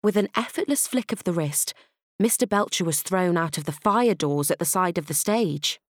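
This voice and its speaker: A woman reading a children's audiobook with playful, expressive narration. Her voice sits slightly low. The recording is close and dry. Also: normal speed, no echo.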